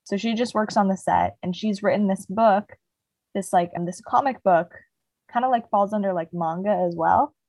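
A woman's voice: medium pitch, normal speed, a little mellow, no room sound, low-quality recording. A young woman co-hosting a podcast, casually retelling a book's plot with lots of "like" fillers. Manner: rambling retelling, heavy "like" fillers. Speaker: podcast co-host. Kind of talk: casual book chat.

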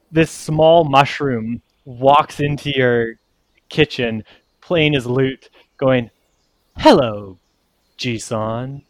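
A man running a tabletop game, narrating scenes in a relaxed, loose way with plenty of fillers. He talks slowly, his voice dry and close. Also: mid-range voice, no room sound. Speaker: game master.

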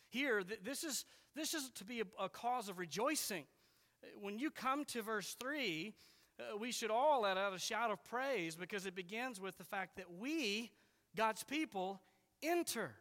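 A man's voice: sits high, sharp tone, long reverb tail. A man preaching an expository sermon as pastor, earnest and emphatic, repeating key words for weight.

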